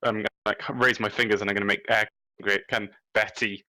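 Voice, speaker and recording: Low-voiced man playing a tabletop game. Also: flat delivery, fairly quick, sharp tone, dry recording, rough recording. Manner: casual, stumbling with restarts. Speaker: player. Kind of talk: tabletop role-play chat.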